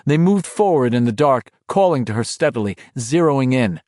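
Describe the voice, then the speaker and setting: A man's voice: medium pitch, animated, normal speed, a little mellow, no echo, clean studio sound. A man narrating a horror novel as an audiobook, in a dramatic, varied reading.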